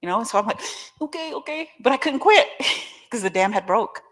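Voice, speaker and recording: A woman's voice: medium pitch, animated, fairly quick, fairly bright tone. A middle-aged woman, giving a personal testimony as guest speaker at a recovery meeting, candid, emotional and joking, talking straight to the crowd. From Oklahoma.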